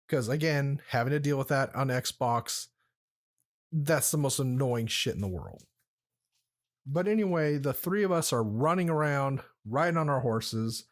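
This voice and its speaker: A man's voice: medium pitch, lively intonation, measured pace. A man hosting a podcast, telling a story in a rambling, profane, laid-back way while drinking. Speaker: podcast host. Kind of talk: casual storytelling chat.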